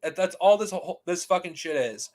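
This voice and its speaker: A man's voice: sits high, expressive, fairly quick. A man hosting a commentary channel, delivering a heated, profane rant with frequent restarts and repeated rhetorical questions. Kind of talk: ranting commentary.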